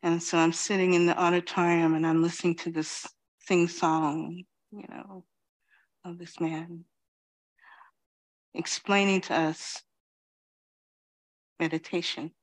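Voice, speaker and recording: A middle-aged woman from Queens giving a reflective dharma talk as a Zen teacher, pausing often and saying "you know". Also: fairly low pitch, little pitch movement. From Queens, New York City. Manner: slow, reflective, many pauses and "you know".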